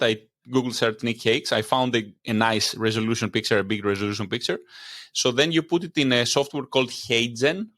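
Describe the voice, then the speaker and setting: A middle-aged man from Greece speaks in quick, eager bursts as an interview guest. His pitch sits in an ordinary middle range, and he talks over a video call. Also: a bit bright. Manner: fast-talking, enthusiastic, laughs often. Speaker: guest, insurance and AI trainer. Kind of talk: casual interview chat.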